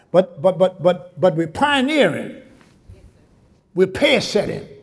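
A man preaching a sermon in church, his voice high and swinging widely in pitch. He repeats his lines for emphasis and climbs into shouted call-and-response with the congregation. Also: creaky, husky.

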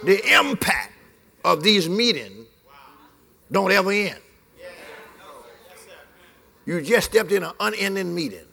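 A man preaching a lively sermon to a live congregation, shouting and laughing as he leads the crowd in call-and-response chants. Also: high-pitched, slow pace, vocal fry, long pauses. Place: live church service before a congregation, also streamed.

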